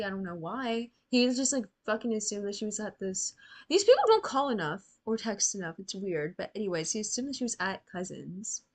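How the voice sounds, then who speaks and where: A young woman reacts casually to a TV show, speaking bluntly and sarcastically, cursing freely and addressing the characters directly. Her voice sits in the mid range.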